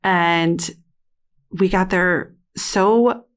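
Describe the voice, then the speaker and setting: A woman, a mother and interview guest, telling a painful family story in a halting way, full of restarts and fillers. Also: on the low side, clean tone. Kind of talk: emotional personal storytelling.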